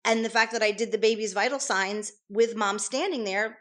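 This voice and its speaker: A fairly high, fairly bright voice belongs to a middle-aged woman, a nurse being interviewed. At normal speed she shares her account conversationally, in earnest detail with frequent restarts.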